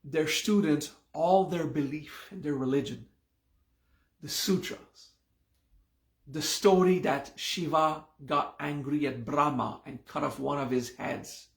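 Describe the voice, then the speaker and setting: A man teaching a live meditation class, explaining a mantra and its hand gesture at an unhurried pace and often checking in with "okay?". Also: fairly high pitch, gravelly, reverberant.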